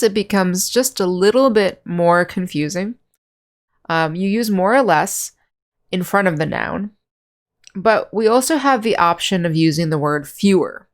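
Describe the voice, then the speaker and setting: A woman English teacher with a lowish voice gives a grammar lesson, patiently explaining each step and slowing down to repeat example words.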